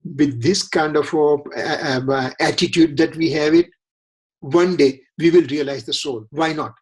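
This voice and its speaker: A man's voice: on the high side, measured pace, breathy edge. A man leading a religious scripture study class, earnest and repetitive, often asking rhetorical questions.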